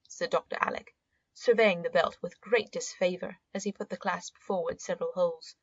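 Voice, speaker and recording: A woman's voice: lowish voice, breathy edge. Woman reading a storybook aloud. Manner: measured and expressive, voices the uncle in quotes. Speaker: audiobook narrator. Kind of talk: scripted narration. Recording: dull, muffled audio.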